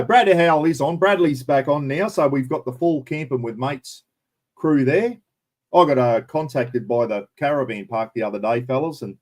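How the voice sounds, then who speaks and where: Middle-aged aussie bloke on a livestream, blunt opinions, mid pitch, a bit of swearing. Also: male voice, darkish tone. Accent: Australian. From Australia. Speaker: livestream host. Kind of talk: casual live chat with viewers.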